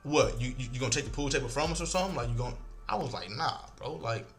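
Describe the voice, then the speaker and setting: A man in the middle of his pitch range, telling a story in a loose, casual way. He acts out what everyone said and swears freely. Soft music plays faintly behind him. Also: fast talker. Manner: animated, acts out quoted lines, swears freely.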